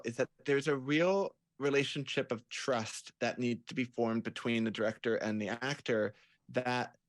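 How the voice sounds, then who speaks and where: A man's voice: mid-range voice, dry recording. A man who directs and acts, explaining his work at length in a casual interview. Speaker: director, writer and actor.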